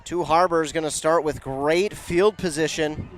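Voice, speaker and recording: A man calling a local high school football game, chatty and self-correcting, rising in pitch and volume on big plays. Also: steady tone, measured pace. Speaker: play-by-play announcer. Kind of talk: local football play-by-play commentary.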